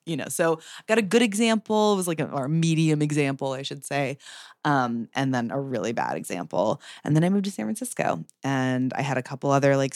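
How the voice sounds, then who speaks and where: A woman's voice: extremely low pitch, dry recording, studio quality. A woman in her thirties, a podcast guest, talking casually in an interview, often laughing and restarting her sentences. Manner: chatty, laughing, many fillers and restarts.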